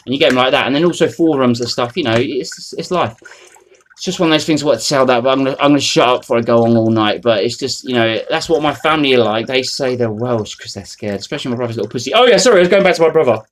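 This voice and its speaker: Fast-talking, swearing man ranting. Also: mid-range voice. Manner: rambling, profane, mocking. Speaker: vlogger. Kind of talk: unscripted rant to camera.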